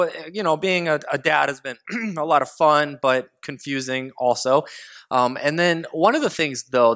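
A young adult man from the United States, a father, preaching a sermon in a relaxed, conversational storytelling way, mimicking his toddlers now and then. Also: a little high.

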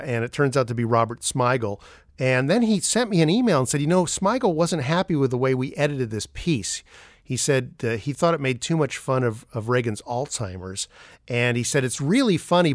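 A man's voice: mid-range voice, sing-song, normal speed, dry recording, clean studio sound. A man hosting a podcast, introducing clips in a rambling, casual way with many fillers. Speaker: podcast host.

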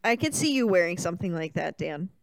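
A woman's voice: fairly low pitch, very animated, fast talker, gravelly, no room sound, poor audio. A woman co-hosting a podcast in casual chat, teasing and giggly. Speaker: podcast co-host.

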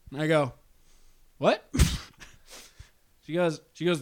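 A man's voice: on the high side, lively intonation, a little slow, long pauses, smooth. A man co-hosting a casual podcast, telling a funny story with laughter and acting out both sides of the dialogue. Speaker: podcast co-host.

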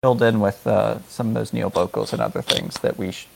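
A man talks as a podcast guest in a loose, rambling way, pausing on fillers between thoughts. His voice is very low with a gravelly rasp. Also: sing-song. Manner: rambling, hesitant with many fillers. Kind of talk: casual chat.

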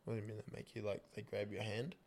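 A man speaking as a guest on a podcast in casual chat, relaxed and joking, with hesitant "um"s. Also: lowish voice, quick pace.

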